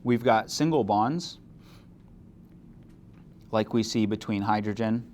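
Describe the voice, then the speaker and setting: A man with a lower voice delivers a classroom chemistry lecture. He explains step by step and often stops to quiz his students. A faint background hiss sits under the recording. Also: slow pace, a little mellow. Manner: asks the class questions, mildly opinionated. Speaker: chemistry instructor.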